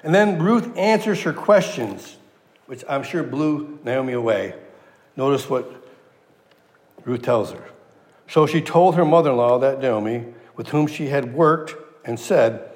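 A man preaching a sermon, animated, acting out the lines he quotes with plenty of inflection. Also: mid-range voice, measured pace, big-room sound.

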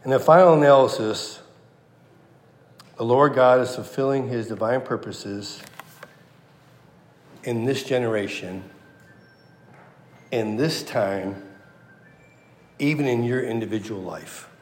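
Male preacher, middle pitch, impassioned sermon delivery with hushed drops, reverberant room. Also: takes it slowly, long pauses, a little hiss or hum. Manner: impassioned, swings from loud to hushed. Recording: echoey room.

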